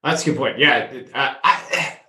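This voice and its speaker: A man with a bright, forceful voice talks through retail news in a lively, joking way. His voice rings in a roomy space with a noticeable echo. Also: medium pitch, a little slow. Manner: animated, jokey, talks in bursts. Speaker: co-host of a retail news show. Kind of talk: casual news discussion.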